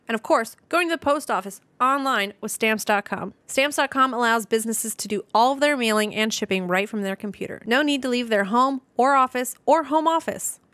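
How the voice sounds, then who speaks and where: A woman's voice: fairly high pitch, a bit bright, no echo. Woman reading an ad, dry close sound. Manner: brisk, upbeat ad delivery. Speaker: podcast host. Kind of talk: reading a sponsor ad.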